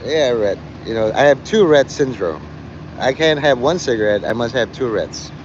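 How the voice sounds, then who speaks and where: A man livestreaming outdoors on a rainy city street, rambling and joking, acting out quick voices and laughing often. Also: mid-range voice, lively intonation, lo-fi sound, a little hiss or hum.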